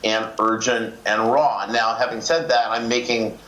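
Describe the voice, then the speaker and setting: A man, a film director, answering press questions in a relaxed, plainspoken way. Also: mid-range voice, a little slow. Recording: echoey room with faint noise.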